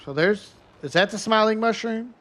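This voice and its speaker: A man's voice: high-pitched, normal speed, fairly bright tone. Chatty male game streamer. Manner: chatty, talks to viewers by name. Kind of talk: casual live gameplay commentary.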